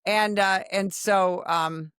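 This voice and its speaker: A woman in her sixties, a former undercover police officer, telling a story in a podcast conversation with dramatic, animated retelling. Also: medium pitch, slow, smooth, no echo, studio quality. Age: 60s.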